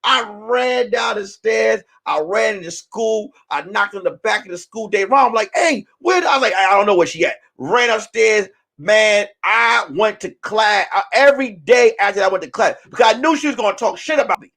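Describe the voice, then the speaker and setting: A man hosting his own stream, telling a story in a loose, profane way that swings from hushed whispers to shouting. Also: sits high, normal speed, vocal fry, few pauses. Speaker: show host. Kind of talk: casual storytelling on a livestream.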